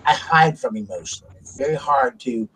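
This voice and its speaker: A man's voice: mid-range voice, expressive, moderate pace, a bit bright, a little hiss or hum. A middle-aged man from South Carolina hosting a casual chat, talking openly and rambling about family and feelings. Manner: open, rambling, confessional. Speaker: host.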